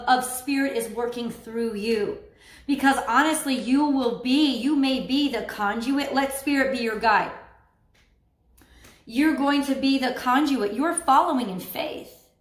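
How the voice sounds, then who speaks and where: A woman with a high voice talks through a tarot reading in a loose, chatty way. She is animated and laughs often. The sound has a roomy echo. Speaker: tarot reader. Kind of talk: casual spoken tarot reading.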